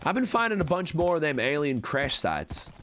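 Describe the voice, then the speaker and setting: A man's voice: on the high side, very animated, moderate pace, a bit bright, slight background noise. A man putting on a folksy Western conman drawl. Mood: scheming. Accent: put-on American Western drawl. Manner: folksy, wheedling salesman patter. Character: slick smooth-talking cowboy conman, adult male. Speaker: streamer in a roleplay series. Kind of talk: live-streamed game roleplay.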